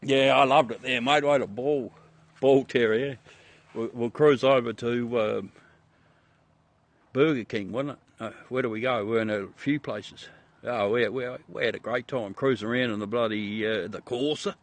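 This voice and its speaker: A man's voice: medium pitch, steady tone, moderate pace, dry recording. Joking Australian man chatting live. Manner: joking, laughs often, swears casually. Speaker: livestream host showing the moon through a telescope. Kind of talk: casual live chat with viewers.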